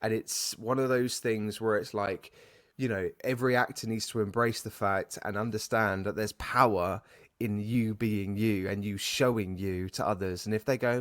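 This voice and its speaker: Earnest low-voiced male podcast host. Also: normal speed, fairly bright tone, no echo, clean studio sound. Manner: earnest and reflective, speaking in long flowing sentences. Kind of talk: casual interview chat.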